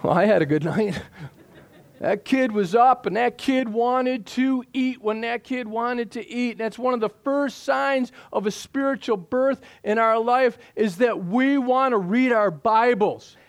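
Male pastor, middle-aged, high voice, emphatic sermon delivery with repeated punchlines. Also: measured pace, few pauses, smooth. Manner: emphatic, repeats key phrases, drops low for stress.

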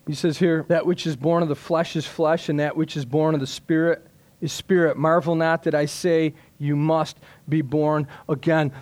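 Male pastor, middle-aged, high voice, emphatic sermon delivery with repeated punchlines. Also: darkish tone. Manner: emphatic, repeats key phrases, drops low for stress.

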